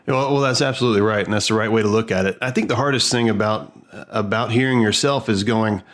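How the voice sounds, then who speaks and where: Man, podcast host, from Tennessee, low voice, earnest conversational delivery. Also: fast talker, hardly any pauses, a bit bright. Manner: earnest, conversational, with small restarts. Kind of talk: casual interview.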